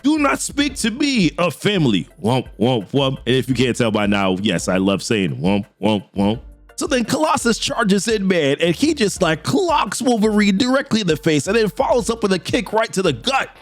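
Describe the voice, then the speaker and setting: Young male comic recapper, hyped and slangy, lively swooping delivery, pitched a little high. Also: moderate pace, soft background music. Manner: hyped, slangy, laughs along. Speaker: comic book reviewer.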